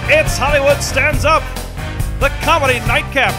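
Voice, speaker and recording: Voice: high-pitched, steady tone, normal speed. An announcer introducing a comedy show and reading out the performers' names. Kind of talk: announcer intro over music. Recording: rock music playing behind. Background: rock music.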